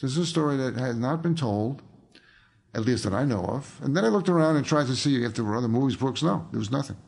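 A man's voice: medium pitch, lively intonation, quick pace, gravelly, darkish tone, slightly rough. An older man, an author and filmmaker, telling rambling anecdotes in a casual interview, full of fillers and restarts.

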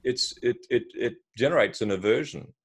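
A man's voice: mid-range voice, moderate pace, slightly rough. A man in his fifties, a podcast guest, telling stories with lots of restarts. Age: 50s. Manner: animated storyteller with frequent restarts. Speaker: podcast guest, marketing advisor. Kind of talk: casual interview storytelling.

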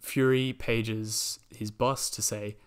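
A man's voice: on the low side, little pitch movement, takes it slowly, clean tone. A man hosting a podcast, chatting casually about a movie and recapping the plot with lots of fillers and quoted lines. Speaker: podcast host.

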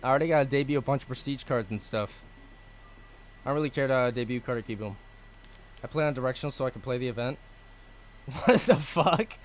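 A man streaming live gameplay and answering his chat, cursing often and swinging between low mutters and angry outbursts. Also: fast talker, pauses often, faint music behind. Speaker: gaming streamer.

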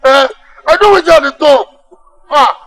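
A man's voice: extremely high pitch, normal speed, gravelly, fairly bright tone, exaggerated voice, low-quality recording. An actor playing an agitated young male gang member with a Nigerian accent, speaking Pidgin English in an insistent, emotional way. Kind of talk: Nollywood film acting.

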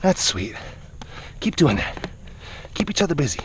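A man's voice: fairly high pitch, big pitch swings, moderate pace, background noise. A man vlogging out of breath, giving a casual running commentary outdoors and coaxing animals along as he goes. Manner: coaxing, chattering to animals between remarks. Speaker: vlogger working with big cats.

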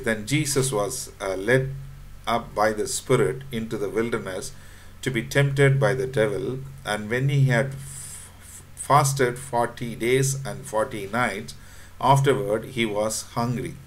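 A man preaching a sermon to his congregation, pausing often with fillers and repeats, reading and quoting scripture aloud. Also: on the low side, a little hiss or hum. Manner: halting, repeats words, frequent fillers, quotes scripture; addresses congregation directly.

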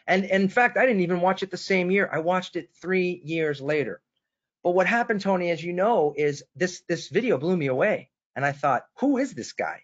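A Boston man with a fairly high, slightly bright voice presents a sales webinar. He tells a story enthusiastically and turns to address his co-host by name, all in dull, lo-fi webinar audio.

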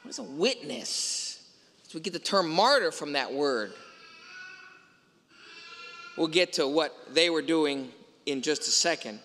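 A man's voice: on the high side, expressive, unhurried, pauses often, a bit bright. A man preaching a sermon as a priest, telling a story and asking emphatic rhetorical questions. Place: large church. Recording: long church reverb.

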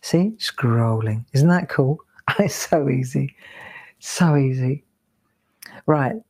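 A woman with a low voice talks viewers through drawing scrolls on a live craft stream. She counts her strokes aloud, chats easily and jokes at herself when she slips up. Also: lively intonation, takes it slowly, vocal fry, darkish tone, slightly rough. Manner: chatty, self-deprecating, counts strokes aloud. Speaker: craft tutor. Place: home craft studio.

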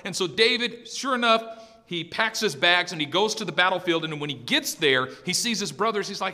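A man's voice: sits high, lively intonation, brisk, bright, forceful tone, in a large hall. Emphatic male pastor preaching. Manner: emphatic, storytelling, repetitive. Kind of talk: sermon. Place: church.

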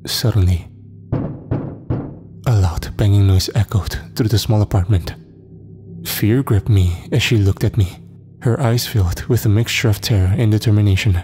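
A man narrating a horror story in a measured, dramatic, scripted style. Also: fairly low pitch, steady tone, dark tone. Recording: long reverb, faint music.

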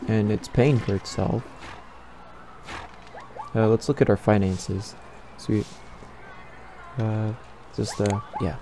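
Slow, low-voiced young man playing a game. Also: warm tone, slight background noise. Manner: rambling, thinks aloud while building. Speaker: gaming YouTuber. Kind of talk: casual let's-play commentary.

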